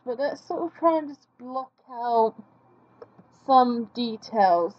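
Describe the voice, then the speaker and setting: Woman vlogger, chatty self-deprecating commentary while drawing, slightly high voice, lo-fi sound. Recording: dull lo-fi recording.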